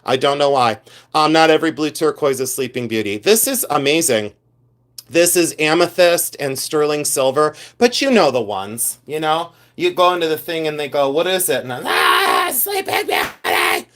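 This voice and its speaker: A middle-aged reseller hosts a live stream, showing his finds in an animated, chatty show-and-tell. His voice is on the high side at a moderate pace. He reads viewer comments aloud and mimics collectors shouting for comic effect.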